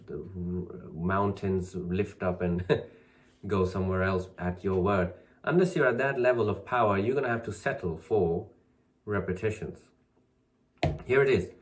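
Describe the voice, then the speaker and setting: A man's voice: low voice, measured pace. A man hosting a spiritual talk, encouraging listeners and repeating affirmations with growing emphasis. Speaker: channel host teaching spiritual practice.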